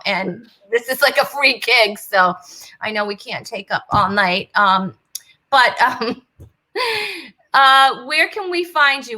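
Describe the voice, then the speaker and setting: A woman's voice: on the high side, sharp tone, poor audio. A woman from New England hosting a casual online talk show, chatty, with frequent laughs and fillers over a video call. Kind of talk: casual chat.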